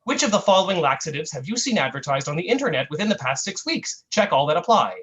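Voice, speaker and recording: A man at an online open mic, reading a comic piece in a mock-earnest, satirical way and drawing out his deadpan asides. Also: a little high, fast, low-quality recording. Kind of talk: comic spoken-word reading.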